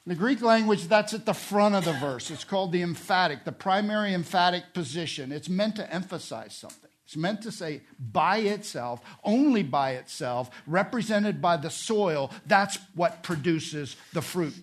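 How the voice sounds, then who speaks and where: A man preaching a sermon, repeating his points and asking rhetorical questions, swinging from quiet to loud and emphatic. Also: sits high, lively intonation, normal speed, hardly any pauses. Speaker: pastor.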